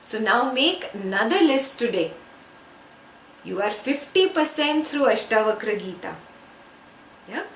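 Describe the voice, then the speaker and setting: This spiritual teacher speaks in a fairly high, animated, somewhat bright voice as she takes her scripture class through Sanskrit vocabulary. She is slow and patient, frequently saying "yeah?" to confirm listeners understand. The room echoes, with faint background noise.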